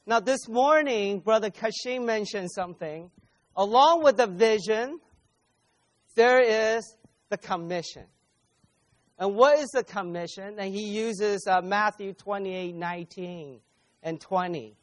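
A man preaching a sermon at a conference, speaking emphatically, repeating key phrases slowly and addressing the audience directly. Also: sits high.

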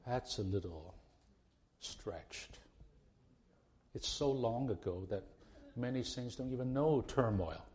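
A man's voice: mid-range voice, expressive, slow pace, pauses often, darkish tone. A man preaching a sermon to a congregation, earnest and pleading, often restarting his phrases before pressing a point hard. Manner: earnest, repetitive restarts, rising to emphatic pleas.

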